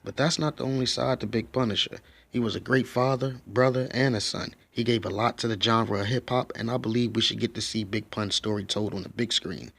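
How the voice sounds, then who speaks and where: A man hosting an online video, giving scripted commentary in a measured, plain delivery. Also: medium pitch, fairly even intonation, creaky, a bit bright. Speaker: channel host.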